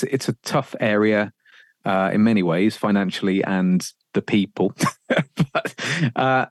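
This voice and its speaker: A man, a radio presenter, telling career stories in a casual podcast chat, animated, swearing freely and laughing often. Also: on the low side, dry recording, studio quality.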